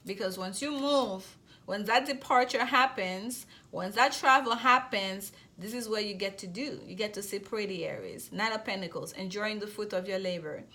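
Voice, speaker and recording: Reading tarot intuitively to camera, a woman speaks with a noticeable non-native accent in a mid-range voice that sounds pushed and bright, at a normal speed. She reassures her listeners, repeats herself, frequently restarts phrases and keeps checking in with them.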